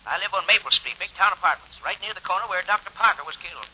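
Helpful neighbor calling in, quick and highish, lo-fi old radio. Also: male voice, expressive, slightly rough. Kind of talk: 1950s radio drama acting. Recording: dull lo-fi old radio broadcast, faint hiss.

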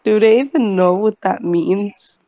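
A woman co-hosting a casual podcast while sick, talking slowly on a lo-fi mic. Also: mid-range voice, mellow, no room sound. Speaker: podcast co-host. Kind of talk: casual chat.

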